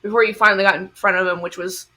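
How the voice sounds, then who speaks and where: Bright-voiced woman chatting casually. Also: mid-range voice, rapid-fire. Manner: animated storytelling with frequent laughs. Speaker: podcast co-host. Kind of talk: casual chat.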